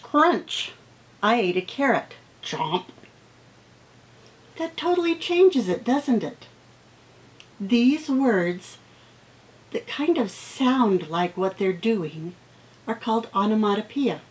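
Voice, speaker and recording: Slow-talking teacher woman with playful sounds. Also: medium pitch, animated, darkish tone, poor audio. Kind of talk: read-aloud lesson for children.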